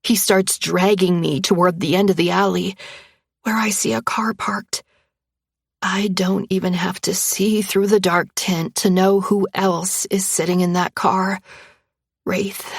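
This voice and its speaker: A woman reading a first-person romance story aloud in a tense, breathy storytelling manner. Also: medium pitch, steady tone, measured pace, no echo, clean studio sound. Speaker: narrator.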